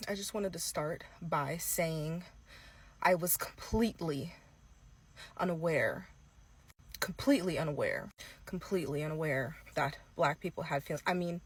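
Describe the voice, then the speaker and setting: A woman's voice: sits low, husky, no echo. A woman voicing a young female influencer who keeps stalling with "um" and claims to be emotional during an apology video. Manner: halting, filler-heavy, fake-emotional. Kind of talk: comedic impression.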